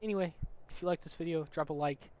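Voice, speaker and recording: A young man telling a story from his childhood in a casual, animated, profane way, in a noisy recording. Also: fairly high pitch, fast talker. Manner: animated, profane, laughing at himself. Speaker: storytime vlogger.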